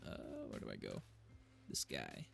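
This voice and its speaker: Very deep and gravelly, this American man talks at a moderate pace while streaming a game. He chats casually with viewers, wandering across topics and laughing easily, with game music faint behind him.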